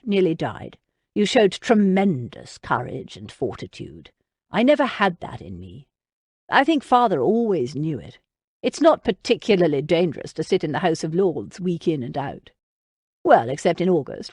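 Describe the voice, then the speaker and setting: A man's voice: on the high side, very animated, moderate pace, darkish tone, breathy edge, no room sound, clean studio sound, heavily acted. A woman voicing an earnest nobleman who reads out a heartfelt letter to his younger brother, in an audiobook.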